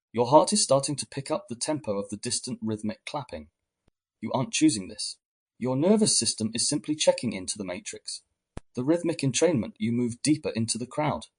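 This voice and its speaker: Man, husky voice, mid pitch, calm guiding tone, scripted narration. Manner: calm, second-person guiding voice.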